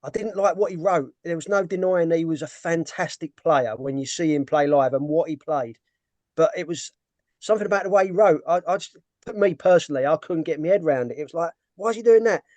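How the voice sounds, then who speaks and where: A man's voice: on the high side, brisk, darkish tone, no room sound. Reflective man, dry sound. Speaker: podcast host. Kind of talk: casual chat.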